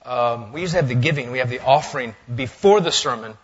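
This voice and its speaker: A male pastor preaching a sermon in a church, lively and swinging between loud, emphatic lines and hushed asides. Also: medium pitch, fast, husky, dull audio. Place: church sanctuary.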